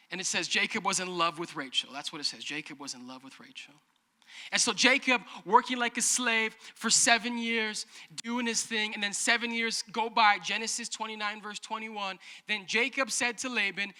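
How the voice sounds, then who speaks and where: A man's voice: high voice, moderate pace, pushed and bright, big-room sound. A man preaching a sermon as pastor, joking in a conversational way and calling on the congregation to respond. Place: church auditorium.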